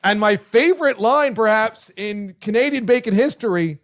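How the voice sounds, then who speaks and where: Male talk radio host, higher voice, effusive and loud. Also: animated, moderate pace. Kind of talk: casual talk radio chat.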